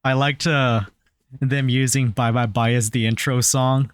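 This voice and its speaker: A laid-back man talks over a film on a podcast, tossing in trivia and the odd swear word. He speaks at a middling pitch, and the recording is dry and close-miked. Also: a little slow, smooth, no echo. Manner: relaxed, swears casually, adds trivia. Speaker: podcast co-host. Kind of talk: casual movie review chat.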